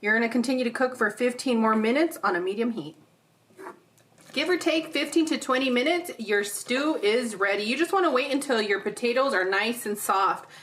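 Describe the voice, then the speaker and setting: Recorded in a home kitchen with slight background noise, a woman hosts a cooking demonstration, guiding viewers through a recipe step by step. Her voice is on the high side and fairly bright, at normal speed, and she's chatty, playful, and quick to laugh.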